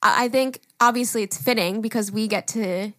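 A young woman co-hosting a casual podcast, animated, laughing often and swearing freely. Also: on the high side, moderate pace, no echo, studio quality. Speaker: podcast co-host, daughter-in-law. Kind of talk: casual chat.

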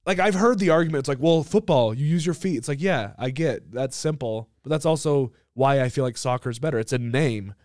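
A man's voice: medium pitch, fairly quick, few pauses, a little mellow, dry recording, clean studio sound. A man from the United States co-hosting a casual podcast, opinionated and loose, with lots of "like" and "you know". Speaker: podcast co-host. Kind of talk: casual chat.

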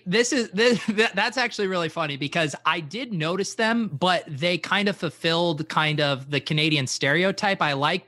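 A man from Colorado chatting casually on a podcast, hesitant and quick to laugh. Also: a little high, sharp tone, no room sound. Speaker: podcast guest. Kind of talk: casual chat.

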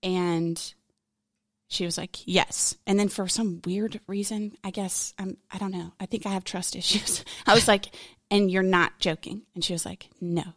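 A woman's voice: medium pitch, steady tone, normal speed, a bit bright, no room sound, studio quality. A woman in a conversational interview, telling a personal story in a frank, candid, rambling way, full of fillers and emotion. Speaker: podcast guest.

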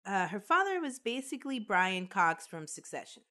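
A woman's voice: mid-range voice, sing-song, normal speed, sharp tone. A woman co-hosting a podcast in a casual chat, reading from notes with frequent fillers and easy laughs. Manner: chatty, frequent "like" and "um", laughs easily. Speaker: podcast co-host.

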